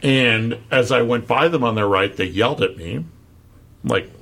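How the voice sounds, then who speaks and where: Animated man telling a story. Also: measured pace, vocal fry, breathy edge. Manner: animated, mimics people in high shouting voices. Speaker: podcast co-host. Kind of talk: casual chat, storytelling. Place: San Francisco area.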